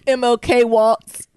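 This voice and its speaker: A young adult woman co-hosting a podcast, telling profane stories in a casual, animated way and acting out quotes. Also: on the high side, clean tone. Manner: laughs often while talking. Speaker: podcast co-host. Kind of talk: casual storytelling chat.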